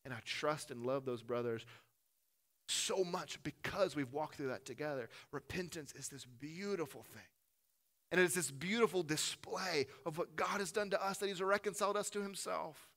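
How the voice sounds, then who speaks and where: A man preaching a sermon to a gathered congregation in a church room, earnest, rising to loud emphatic peaks and dropping to soft, low asides. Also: moderate pace. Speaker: pastor.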